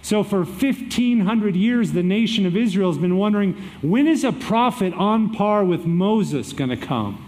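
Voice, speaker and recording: A high-pitched man preaches a sermon, walking through scripture. His delivery is energetic, with emphatic drops and lifts. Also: a little slow, hardly any pauses. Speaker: pastor.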